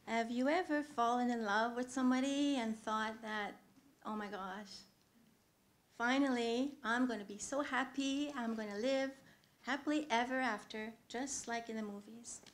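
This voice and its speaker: Woman storyteller, live on stage, earnest with pauses and loud swells, slightly higher voice. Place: theatre stage.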